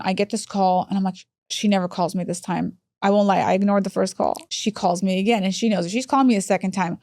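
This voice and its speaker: A woman's voice: medium pitch, dry recording, clean studio sound. A woman who runs a hospice, telling a long story in a podcast interview and acting out the dialogue as she goes. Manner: fast, animated storyteller who acts out dialogue. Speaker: hospice chief operating officer.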